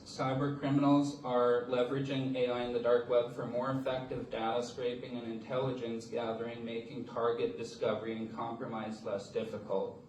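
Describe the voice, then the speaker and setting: Man, conference presenter, halting, lots of fillers, roomy hall, distant mic. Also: mid-range voice, a little mellow, a little hiss or hum. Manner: halting, with frequent fillers and a measured delivery. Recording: echoey hall, distant mic, faint ambience.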